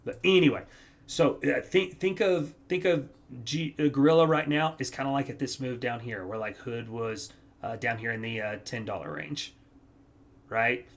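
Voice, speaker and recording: A man casually talking viewers through stock charts, energetic and rambling, correcting himself as he goes. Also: mid-range voice, moderate pace. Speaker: stock trading youtuber. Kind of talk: casual chart analysis talk.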